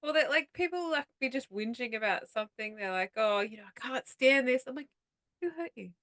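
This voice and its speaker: A woman's voice: a little high, brisk, a bit bright, dry recording. A woman co-hosting a podcast in casual chat, making dry, sarcastic asides. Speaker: podcast co-host.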